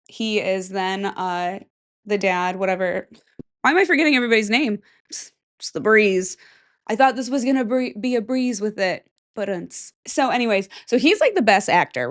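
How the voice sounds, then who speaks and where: A woman's voice: medium pitch, expressive, normal speed. A young adult woman hosting a podcast alone, rambling in casual chat with lots of fillers and self-corrections. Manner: rambling, chatty, self-interrupting with fillers and laughs. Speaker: podcast host.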